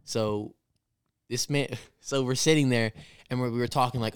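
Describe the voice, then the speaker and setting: Young male podcast cohost, smooth clear voice, dry close mic, laid-back storyteller. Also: medium pitch, fairly even intonation, moderate pace, dry recording. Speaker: podcast co-host. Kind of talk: casual chat, storytelling.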